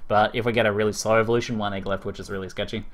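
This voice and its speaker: An Australian man giving live gameplay commentary, excitable and quick to laugh and swear. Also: on the low side, a little hiss or hum. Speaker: streamer.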